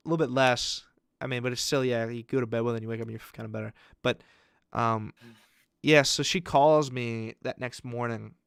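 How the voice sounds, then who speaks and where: Young male podcast co-host with a smooth, resonant voice and a dead-dry close-mic sound, a crude, rambling storyteller. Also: medium pitch, fairly bright tone, no room sound. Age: young adult.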